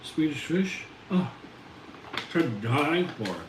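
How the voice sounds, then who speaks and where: A man's voice: a little high, expressive, takes it slowly. A man chatting casually with viewers on a home live stream, rambling in an easygoing way and reacting to the chat. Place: home room with equipment. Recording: roomy, distant mic, faint ambient noise.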